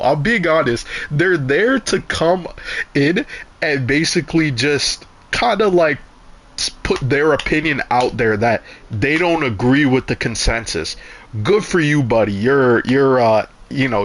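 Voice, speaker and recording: A man's voice: mid-range voice, animated, measured pace, fairly bright tone. Rambling young man, cursing. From Canada. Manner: rambling, profane storytelling with many restarts. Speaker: gaming streamer. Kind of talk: casual chat while gaming.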